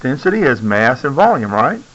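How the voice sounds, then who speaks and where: A man's voice: medium pitch, very animated, normal speed, fairly bright tone, dull audio. A male science teacher lecturing a classroom, keeps checking in with "okay?" and coaxing students to speak up.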